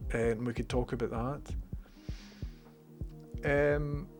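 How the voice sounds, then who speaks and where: A man's voice: medium pitch, fairly even intonation, slow pace, darkish tone, faint music behind. A Scottish man casually chatting on his livestream, reading out chat messages with a slight cold in his voice. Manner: chatty, swears casually, reads chat aloud. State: has a cold.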